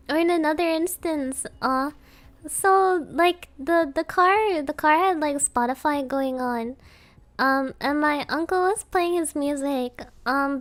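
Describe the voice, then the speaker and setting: A young woman streaming live, chatting casually in a rambling, giggly way with lots of fillers. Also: high voice. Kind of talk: casual chat.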